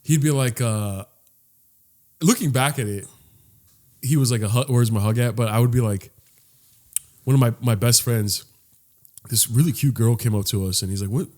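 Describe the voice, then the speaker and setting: A man's voice: mid-range voice, moderate pace, long pauses, darkish tone. A young man co-hosting a podcast, telling a rambling story in casual chat and acting out quotes. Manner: rambling, acts out quotes in voices. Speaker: podcast co-host.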